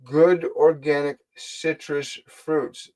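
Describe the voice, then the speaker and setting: Slow and with little movement in pitch, a man with a somewhat high voice hosts a live spiritual stream over a rough recording. Speaking gently and directly to viewers, he earnestly guides them, handles their questions, and repeats key phrases for emphasis.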